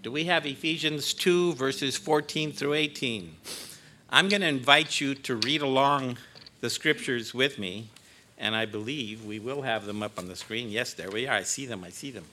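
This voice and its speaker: A man's voice: medium pitch, moderate pace, bright, forceful tone, a little hiss or hum. A man in his sixties, a guest preacher in a church, choked up and joking at himself as he opens his sermon. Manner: choked up, joking, self-deprecating. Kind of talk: emotional sermon opening. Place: church sanctuary.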